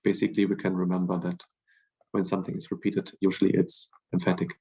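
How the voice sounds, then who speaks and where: Husky guy teaching a language class, says each word twice then explains it, kinda muffled recording. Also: sits low, monotone, dark tone. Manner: repeats each word slowly, then glosses it. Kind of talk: lecture reading vocabulary aloud.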